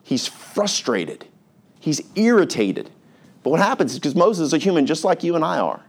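A man's voice: fairly high pitch, sing-song, moderate pace. A male pastor preaching a sermon in an earnest, conversational way, reading scripture aloud.

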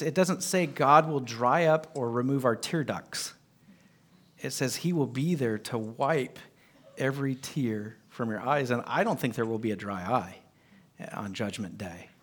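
A man's voice: medium pitch, a little slow, a bit bright. A man teaching a Bible lesson to a group, emphatic, often putting questions to his listeners.

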